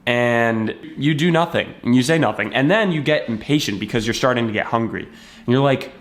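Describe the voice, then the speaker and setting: This male voice is mid-range and moves at normal speed. It belongs to a self-help video creator speaking casually to camera, telling a motivational story and playing out lines of dialogue conversationally.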